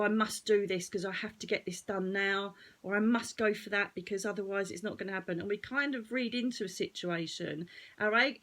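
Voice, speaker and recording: A woman with an Essex accent, a psychic medium hosting her own channel, giving chatty spiritual advice straight to her viewers with a slightly croaky voice. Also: mid-range voice, fairly bright tone. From Essex, England. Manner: chatty, digressing, addresses viewers directly. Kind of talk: casual spiritual advice talk to camera.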